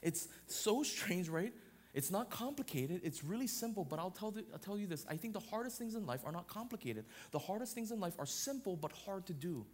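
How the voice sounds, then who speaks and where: A man preaching a sermon on marriage, loud and expressive, often checking in with "right?". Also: sits high, fairly quick. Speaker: pastor.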